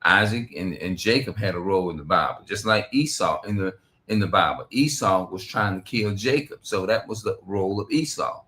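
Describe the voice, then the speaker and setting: A man's voice: deep voice, expressive, normal speed, bright, forceful tone. A man giving a rambling, profane religious monologue on a stream, reading scripture aloud between his remarks. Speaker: street preacher.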